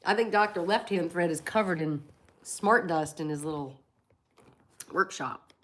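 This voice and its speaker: A woman's voice: fairly low pitch, measured pace. A woman in her forties who has a cold, telling blunt, profane stories on a casual livestream and acting out what people said. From Florida. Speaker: livestream host. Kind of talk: casual live-stream storytelling.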